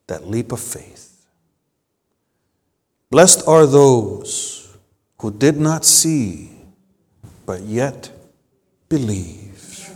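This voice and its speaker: A man preaching a sermon with an accent, slow and deliberate, and rising to emphatic peaks. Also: mid-range voice, big-room sound. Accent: non-native English accent. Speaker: pastor.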